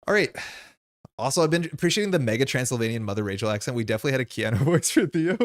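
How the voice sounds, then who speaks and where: A man's voice: medium pitch, expressive, rapid-fire. A man playing a card game on stream, thinking aloud as he explains the rules and his choices in a casual way.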